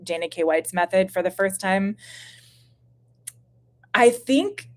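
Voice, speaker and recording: A woman's voice: fairly low pitch, level tone, brisk. A woman in her thirties hosting a casual live stream from home, chatty and self-deprecating, rambling with fillers and a bit stuffy from postnasal drip. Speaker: YouTube channel host. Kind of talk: casual live-stream chat reading viewer questions.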